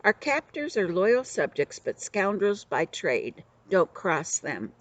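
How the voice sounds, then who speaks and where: A woman's voice: medium pitch, very animated, slow, voice pushed up. A woman voicing a clever, scheming street-boy servant in a storybook reading, acting grand to fool his captors. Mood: crafty. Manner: crafty, putting on airs.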